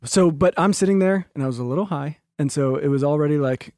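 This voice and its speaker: A man on a podcast talks in casual chat, wandering through stories and swearing as he goes. His voice sits fairly high with a mellow tone, and the dry studio sound keeps it close. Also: fast talker, no room sound. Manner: rambling storyteller, swears freely. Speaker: podcast co-host.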